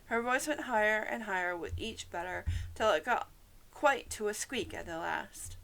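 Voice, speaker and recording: A woman reading a classic children's story aloud at a measured pace, with dry asides of her own. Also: medium pitch, expressive, vocal fry, fairly bright tone. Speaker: storybook reader.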